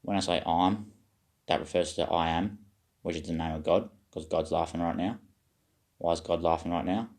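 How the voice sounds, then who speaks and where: Deep-voiced rambling man. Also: fairly even intonation, normal speed, a little mellow. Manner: meandering, self-questioning, occasional swearing. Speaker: vlogger. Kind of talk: rambling spiritual monologue.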